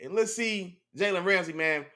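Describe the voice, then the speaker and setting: A man hosting a casual sports talk show, animated and slangy, reacting to his live chat and breaking down plays. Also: high voice, moderate pace. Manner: animated, slangy, repeats "you know what I'm saying". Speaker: podcast host.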